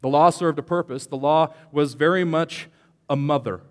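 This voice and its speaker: A man preaching a sermon as a pastor, joking with the congregation and swinging between quiet asides and loud emphatic lines. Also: fairly high pitch, moderate pace, big-room sound. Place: church hall.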